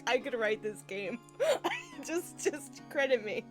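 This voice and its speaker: A woman's voice: high voice, huge pitch swings, slow pace, over music. Giggly, swearing female streamer. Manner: joking, swearing, giggly asides. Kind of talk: casual gameplay commentary.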